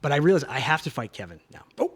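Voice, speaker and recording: Husky man telling a wild story. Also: mid-range voice, rapid-fire. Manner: animated, profane storyteller, drops to whispers. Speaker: podcast co-host. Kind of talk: casual storytelling chat.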